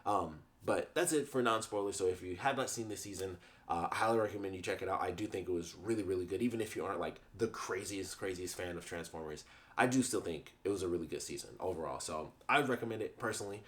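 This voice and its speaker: A young man giving a casual, rambling review monologue. He laughs often and restarts his sentences. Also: low-pitched. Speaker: YouTube reviewer.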